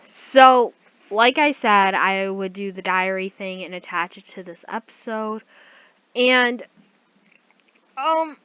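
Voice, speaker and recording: A woman's voice: medium pitch, fairly bright tone, clean tone, no room sound. A woman casually reading a fan story aloud, stumbling and correcting herself with chatty asides. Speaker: story reader. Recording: dull lo-fi recording.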